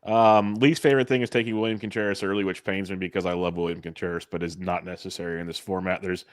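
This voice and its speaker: A man's voice: deep voice, steady tone, quick pace, no echo, clean studio sound. A man talking fantasy picks in an easygoing, jokey podcast chat. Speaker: guest analyst.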